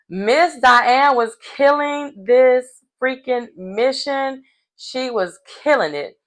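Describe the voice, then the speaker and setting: A woman tells a casual recap of a reality show. She talks in an animated, slangy way. She sounds like a chatty storyteller. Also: a little high, rough recording. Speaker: recap host.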